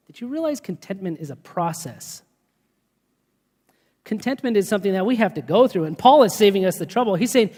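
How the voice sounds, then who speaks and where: A pastor preaching a sermon, telling stories in an animated way and laughing often. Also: male voice, sits high, brisk, big-room sound.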